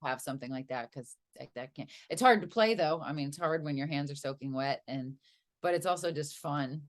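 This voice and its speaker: Woman guest, 30s, low-pitched, upbeat and chatty, laughs easily. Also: brisk. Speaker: guest guitarist. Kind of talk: casual interview chat.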